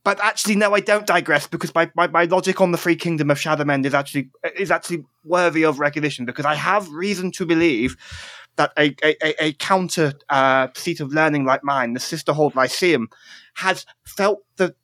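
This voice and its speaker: A man's voice: fairly high pitch, fairly quick, a bit bright, no room sound, voice pushed up, natural voice. A man voicing a fussy, verbose male halfling scholar who rambles, stammers and talks formally in a tabletop game. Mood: rambling.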